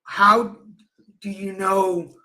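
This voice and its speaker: A man's voice: sits high, level tone, extremely slow, sharp tone. A man co-hosting a casual livestream chat show, telling stories and acting out the people in them. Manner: chatty storyteller, acts out quoted people. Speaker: co-host.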